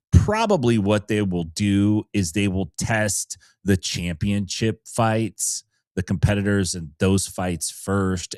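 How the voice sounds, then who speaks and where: Male co-host, low voice, dry close mic, relaxed and wry, coach talk. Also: no room sound. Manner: laid-back, wry, laughs while talking. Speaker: podcast co-host and grappling coach. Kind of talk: casual podcast chat.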